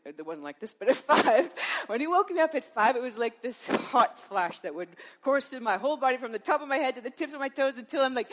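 A middle-aged woman telling a personal faith story in a sermon-like talk, acting out her own thoughts and laughing often. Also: a little high. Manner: lively storyteller who acts out her own inner dialogue and laughs often. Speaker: Christian women's speaker.

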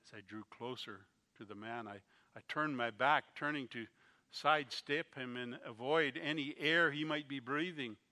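A man preaching a sermon, telling a story slowly and with feeling, his volume rising and falling. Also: mid-range voice. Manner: slow, emotional storytelling with swings in loudness.

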